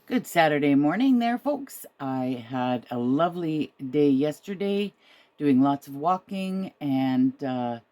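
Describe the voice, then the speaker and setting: A woman's voice: low-pitched, lively intonation, takes it slowly, warm tone. An older woman hosting a knitting vlog, chatting casually and rambling, sometimes talking fondly to her dog, recorded on a handheld camera inside a small trailer. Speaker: knitting podcast host.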